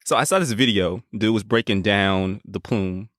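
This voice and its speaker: A man with a fairly low voice co-hosts a casual podcast. He sounds laid-back and joking, with plenty of slang, and the recording is close and dry. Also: normal speed, fairly bright tone, dry recording. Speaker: podcast co-host.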